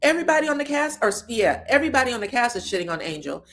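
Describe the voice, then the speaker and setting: A woman's voice: a little high, very fast. A woman hosting a reality TV recap, talking casually and sassily, laughing often and acting out what the cast said. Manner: animated and sassy, laughs a lot, acts out quotes.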